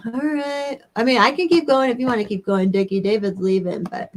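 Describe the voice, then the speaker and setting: A woman's voice: fairly high pitch, steady tone, fairly quick, slight background noise. A woman hosting a casual livestream chat, easygoing and loose, filling her talk with "like" and "I mean". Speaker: livestream host.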